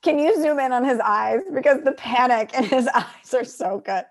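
A woman co-hosting a podcast, telling stories in a casual, animated way and laughing often. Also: sits high, moderate pace. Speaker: podcast co-host. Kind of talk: casual chat.

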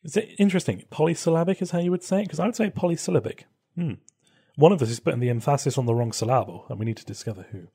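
A man's voice: on the high side, racing, mellow, slightly rough. A man co-hosting a podcast, taking calls and joking in playful, wordy banter. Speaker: podcast co-host. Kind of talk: casual chat.

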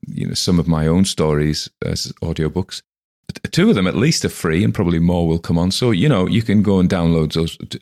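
Male podcast host, very deep voice with gravelly fry, loose reflective commentary full of ums and restarts. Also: a little mellow. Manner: rambling and reflective, with many fillers and restarts. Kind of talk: casual spoken commentary on a story.

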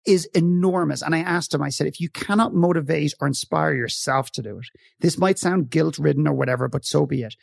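A man's voice: a little high, creaky, darkish tone, dry recording, studio quality. A man speaking as a podcast guest, telling a story with emphasis, acting out the dialogue and swearing now and then. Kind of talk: passionate storytelling in conversation.

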